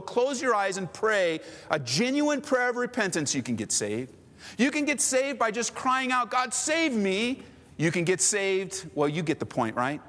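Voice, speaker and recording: A man's voice: high voice, fairly bright tone, in a large hall. A man preaching a sermon in a conversational way, acting out little scenes as he goes. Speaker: pastor.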